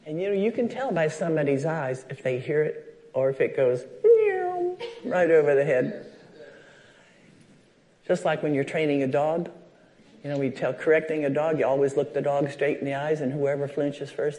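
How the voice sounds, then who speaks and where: A man's voice: fairly high pitch, steady tone, normal speed, darkish tone. A man preaching a sermon at a church service, telling personal stories and acting out the voices in them. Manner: storytelling, acts out quoted dialogue.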